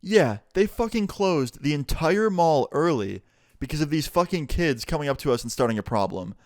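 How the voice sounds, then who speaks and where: A young man telling a storytime vlog in a casual, animated way, swearing freely, recorded on a close mic. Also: on the high side, moderate pace, dry recording. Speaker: vlogger.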